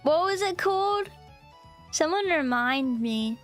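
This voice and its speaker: Over soft background music, a woman streams as a VTuber, rambling through casual chat with her audience and giggling, peppering her talk with "like." She has a high, expressive, fairly bright voice and takes things slowly.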